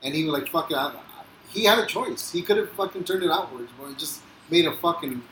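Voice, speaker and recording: A man's voice: on the high side, expressive, fairly quick, a bit bright. A man co-hosting a podcast, cursing and speaking with emphatic support. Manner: profane, emphatic, affirming. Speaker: podcast co-host. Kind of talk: casual chat. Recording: echoey room, faint noise.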